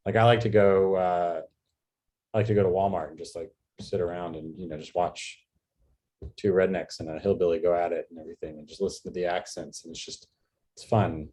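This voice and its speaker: Man, stand-up comic, video call, rambling, filler-heavy, low mellow voice. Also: fairly even intonation. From New York. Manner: rambling, halting, lots of fillers and restarts. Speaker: stand-up comedian.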